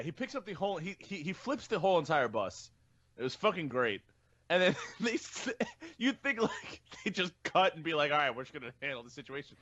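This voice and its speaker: A man co-hosting a podcast, chatting casually and excitedly, laughing often and swearing freely. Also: a little high, no echo, dull audio. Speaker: podcast co-host.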